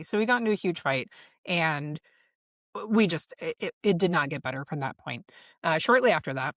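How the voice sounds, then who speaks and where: A woman's voice: lowish voice, expressive, a little fast, a bit bright, no echo, studio quality. Blunt, laughing woman podcast host. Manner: blunt and profane, laughing often. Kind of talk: candid solo podcast monologue.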